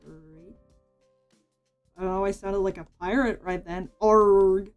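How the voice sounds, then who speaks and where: With soft music behind her, a woman streamer rambles casually as she draws, peppering her talk with "like" and false starts. Her voice is fairly low and a little mellow, and she keeps a measured pace.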